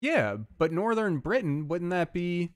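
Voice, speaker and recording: A young man teases his friend in casual gaming chat, laughing and swearing. His voice bounces lively up and down, and it sits a little high for a man. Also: measured pace, no echo, studio quality. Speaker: streamer playing a game.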